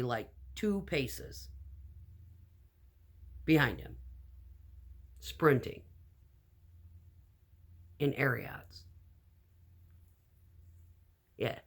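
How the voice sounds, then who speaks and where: A woman telling a personal story in a casual storytime vlog, animated and blunt, acting out the lines of the people in it. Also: rumbling low, very slow, pauses often. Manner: animated, acts out quoted dialogue.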